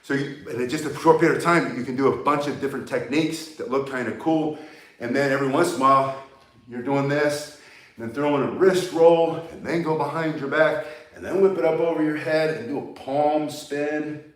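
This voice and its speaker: Here the instructor's voice sits on the high side and moves fairly quickly, with a roomy sound. He walks learners through staff spinning one step at a time, talking as he moves and getting winded from the workout.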